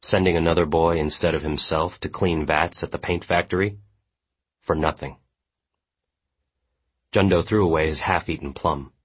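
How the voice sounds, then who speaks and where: A man reading literary fiction aloud as an audiobook narrator, in a measured, grave way. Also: sits low, fairly even intonation, a bit bright, slightly rough.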